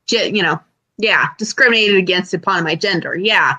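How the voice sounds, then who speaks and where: A young woman co-hosting a podcast, telling stories in an animated way with loud outbursts and lots of swearing. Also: lowish voice, moderate pace. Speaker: podcast co-host. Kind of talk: casual chat.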